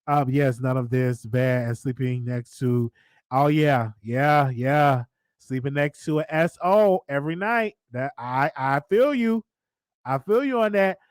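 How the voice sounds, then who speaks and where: A man with a Southern US accent hosts a live call-in talk show, his mid-range voice a little slow. The recording is dry and clean, studio-quality. His casual commentary is chatty and repetitive, and he laughs often.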